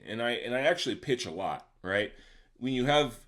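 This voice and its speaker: A male producer walks through how he built a beat in a casual, step-by-step software tutorial, regularly asking "right?" to check in with the viewer. His medium-pitched voice is expressive, bright and forceful, and he talks a little fast.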